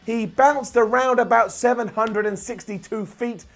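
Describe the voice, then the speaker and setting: A man's voice: very high voice, unhurried. A young man recapping a wrestling show in an opinionated, sarcastic way, with jokey asides. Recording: light background music.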